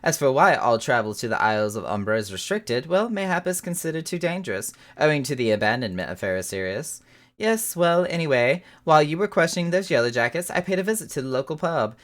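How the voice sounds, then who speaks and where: Fussy, long-winded woman scholar in a put-on accent, read by a woman, animated delivery. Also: low-pitched, brisk, voice pushed up. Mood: prim. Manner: prim, wordy, rambling.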